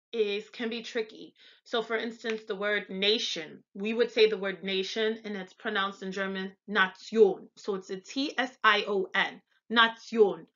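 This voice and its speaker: An American woman in a chatty pronunciation lesson, repeating example words slowly for the viewer. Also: mid-range voice, pushed and bright, dull audio. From United States. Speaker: language tutor.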